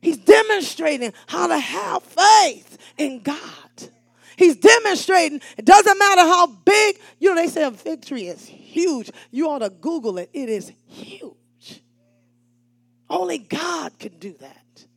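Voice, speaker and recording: A woman preaching a sermon, animated, calling out to the congregation and dropping from shouts to hushed asides. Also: very high-pitched, measured pace, gravelly, no room sound, studio quality. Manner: animated and call-and-response, swinging between shouts and hushed asides.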